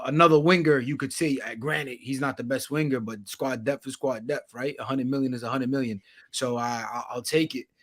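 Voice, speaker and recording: A man guesting on a casual football chat, laid-back and rambling, laughing often. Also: medium pitch.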